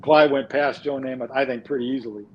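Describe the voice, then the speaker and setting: A New York man, once a sportswriter, tells stories on a casual podcast panel, animatedly acting out voices. His medium-pitched voice moves at a quick pace, and the dull lo-fi audio carries a little hiss or hum.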